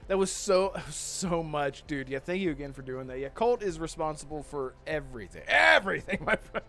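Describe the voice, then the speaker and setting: A man's voice: a little high, animated, moderate pace, sharp tone. A man hosting a casual live gaming podcast, laughing often and tripping over his words. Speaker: podcast host. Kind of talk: casual live-stream chat.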